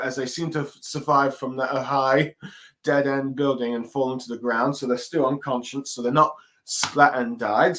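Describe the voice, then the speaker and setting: A man's voice: medium pitch, fairly bright tone. Guy rambling thru a comic chapter review, lots of ums and little laughs. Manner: rambling with many fillers and chuckles. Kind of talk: casual chat review.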